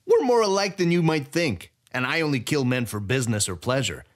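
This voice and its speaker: A man voicing a skinny, grinning male thief who is sly and gleeful, in a high, drawn-out, cackling delivery for an audiobook. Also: big pitch swings, close to an everyday voice. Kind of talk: audiobook character voice.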